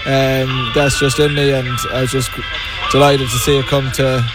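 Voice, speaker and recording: Brief: young Mayo man, modest halting footballer interview, monotone, loud music underneath. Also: medium pitch, low-quality recording. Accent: Irish, Mayo. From Belmullet, Ireland. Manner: halting, modest, many fillers. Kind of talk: post-match interview.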